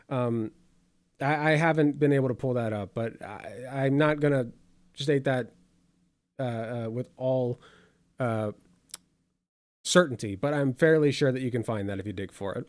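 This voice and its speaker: A man's voice: mid-range voice, normal speed, dry recording, clean studio sound. A man hosting casual political commentary over clips, sarcastic and rambling with many fillers.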